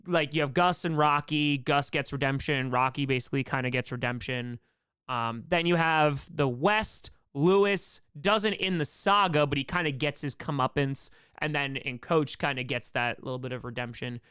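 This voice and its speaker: A man hosting a casual livestream Q&A, excitable and playful, shouting out donors' names and making little sound effects to thank them. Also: fairly high pitch, smooth. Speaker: livestream host.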